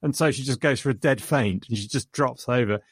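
A man's voice: medium pitch, fairly quick, slightly rough, dry recording, clean studio sound. A man chatting about a film, retelling scenes with enthusiasm and chuckles. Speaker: film reviewer. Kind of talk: casual film discussion.

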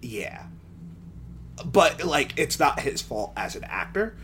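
Animated rambling man reviewing movies. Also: medium pitch, slow pace, a little hiss or hum. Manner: rambling, lively, playful asides. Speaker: podcast co-host. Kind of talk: casual movie review chat.

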